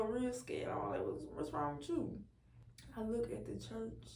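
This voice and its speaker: A young woman giving an emotional personal testimony, candid and blunt, often dropping to a soft, low voice. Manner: candid, blunt, swears freely. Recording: roomy echo from a distant mic.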